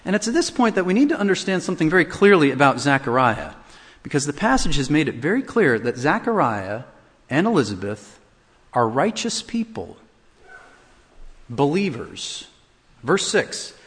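A man delivering a sermon with a lively, expressive voice that leaps up and down as he acts out quoted lines. His pitch sits a little high for a man. The sound carries a long reverb, as if in a large hall. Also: moderate pace. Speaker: pastor.

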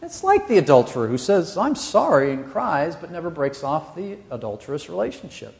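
A man's voice: fairly high pitch, sing-song, a little fast, gravelly, a little mellow, in a large hall. A man preaching a sermon as pastor of a church, earnest and pressing his points with rising emphasis.

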